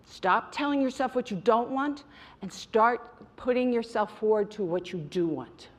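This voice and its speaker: A woman's voice: on the high side, lively intonation, a little slow. A middle-aged woman giving a direct, emphatic motivational talk on mindfulness to an audience she calls you guys. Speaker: mindfulness speaker.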